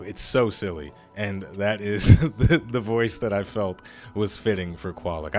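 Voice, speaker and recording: A man with a naturally deep voice hosting a gaming channel, giving chatty, rambling commentary as he plays. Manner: chatty, rambling, self-correcting. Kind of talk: let's play commentary.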